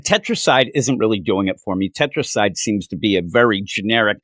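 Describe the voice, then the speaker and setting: A Minnesota man co-hosts a casual comic book review podcast, speaking fairly quickly in a dry, clean studio recording. He's an animated storyteller who shares anecdotes and acts out the people quoted in them in high voices.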